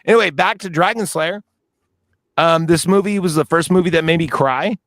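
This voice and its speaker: A man's voice: a little high, moderate pace, fairly bright tone, dry recording. A man co-hosting a casual movie-review podcast, telling long anecdotes that drift into tangents. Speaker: podcast co-host.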